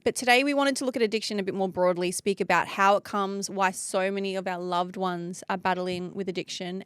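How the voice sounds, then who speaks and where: A woman's voice: mid-range voice, dry recording. A woman podcast host with a mid-range voice, reading a friendly introduction. The sound is close and dry, with no room around it. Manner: teasing, conversational.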